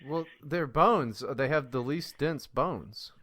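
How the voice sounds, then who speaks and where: A man's voice: fairly high pitch, takes it slowly, a bit bright. A male podcast host in casual chat, crude and mocking in his talk.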